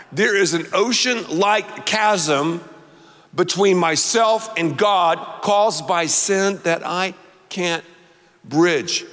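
A man preaching with lively, animated delivery and a somewhat high voice. He draws the congregation into call-and-response. His words ring out with a long hall reverb behind them. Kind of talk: sermon.

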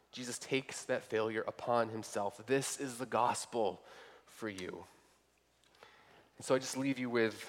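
Male pastor, slow and deliberate, earnest pleading sermon, long church reverb. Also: medium pitch. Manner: earnest, pleading questions to listeners. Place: church sanctuary.

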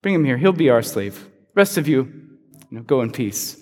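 A man putting on a lowered, offhand voice as a powerful ruler calmly testing his brothers. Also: moderate pace, long reverb tail, close to an everyday voice.

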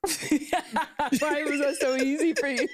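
A woman's voice: high voice, fairly even intonation, takes it slowly, a crowd in the background. A woman co-hosting a podcast in casual chat, giggling and stumbling over her punchlines. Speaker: podcast co-host.

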